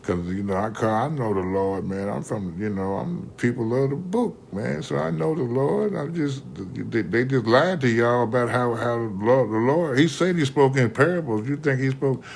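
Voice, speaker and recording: A man telling a casual story in an animated, slangy way, often restarting mid-sentence and tossing in "man.". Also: medium pitch, normal speed, gravelly, few pauses, slight background noise.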